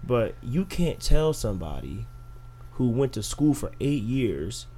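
A man's voice: mid-range voice, a little slow, a little hiss or hum. A young man in casual podcast chat, arguing with rhetorical questions. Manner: animated, argumentative, rhetorical questions.

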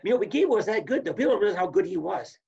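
An older man and former wrestler, telling stories in an animated way and acting out what others said. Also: high-pitched, rapid-fire, creaky, breathy edge, recorded from a distance, highs cut off. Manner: animated storyteller, acts out quotes. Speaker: former college wrestler, guest. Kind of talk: storytelling interview chat.

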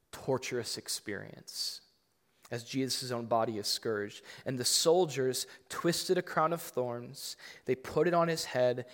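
A man preaching a sermon, conversational but emphatic, acting out scripture readings with rising intensity. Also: medium pitch. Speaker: pastor. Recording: long reverb of a large hall.

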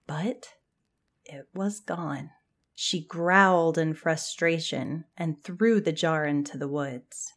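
Slow, calm woman storyteller. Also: fairly low pitch. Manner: calm, measured. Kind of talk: scripted story narration.

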